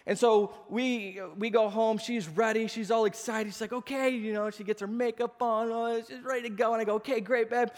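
Animated pastor preaching in a reverberant hall. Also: male voice, high-pitched, a little fast, hardly any pauses. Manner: animated storytelling, acts out voices. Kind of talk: sermon.

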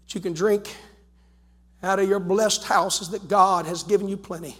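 A man with a Southern accent preaching a fiery revival sermon as pastor, swinging between shouted warnings and low, quiet pleading. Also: fairly even intonation, normal speed, breathy edge. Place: large church sanctuary. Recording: long hall reverb.

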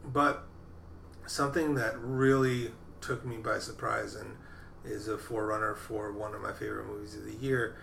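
A man's voice: lowish voice, flat delivery, moderate pace, vocal fry, fairly bright tone, echoey room, slight background noise. A man co-hosting a podcast, casually talking about movies in a rambling way that keeps restarting. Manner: rambling, self-interrupting. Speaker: podcast co-host. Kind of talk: casual film chat.

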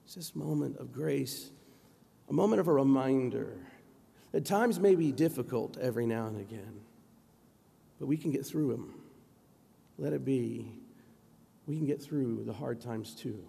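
A man preaching a sermon in a church sanctuary, telling stories in a relaxed, conversational way. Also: medium pitch, measured pace, vocal fry, long pauses, slightly rough. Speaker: pastor. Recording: long reverb of a church hall.

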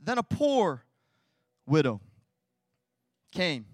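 High-voiced energetic young preacher, a man. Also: moderate pace, dry recording, clean studio sound. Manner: energetic, swings from quiet to loud, casual slang. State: tearful. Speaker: pastor. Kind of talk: sermon.

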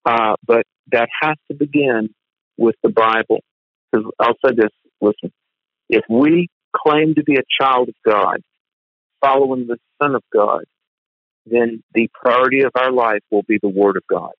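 Male guest, lively storyteller, dry phone-line sound, middle pitch. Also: measured pace, dry recording. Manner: animated storyteller, quotes others in his voice. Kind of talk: conversational testimony.

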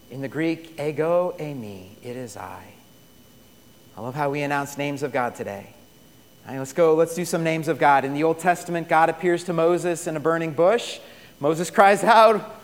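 A high-pitched man preaching a sermon in a large hall with a long echo. He tells stories, rises to loud bursts and drops to near-hushed lines. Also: normal speed. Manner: storytelling, swings from loud to hushed. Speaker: pastor.

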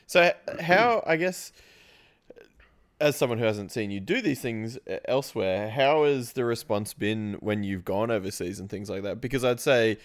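Australian male interviewer, mid-range voice, casual and relaxed, quick to agree. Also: medium pitch, no echo. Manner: relaxed, laughs along, brief agreeing replies.

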